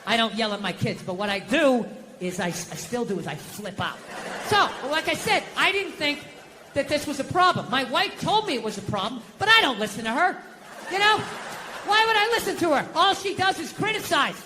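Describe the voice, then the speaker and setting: A man doing stand-up comedy with a profane, ranting delivery and loud outbursts. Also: very high voice. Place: stage with live audience. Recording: live venue with hall reverb and noise.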